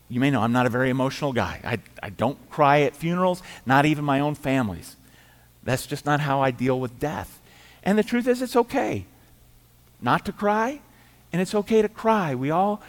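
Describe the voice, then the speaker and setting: A middle-aged man preaching a sermon as pastor, telling the story in a conversational way, acting out quoted voices and dropping quiet for emphasis. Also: on the high side. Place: church sanctuary. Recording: church hall reverb.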